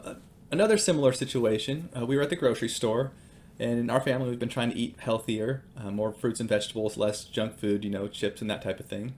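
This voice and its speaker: A man's voice: mid-range voice, darkish tone, slight background noise. A man and father giving casual devotional teaching with personal stories, hesitant and full of ums and uhs.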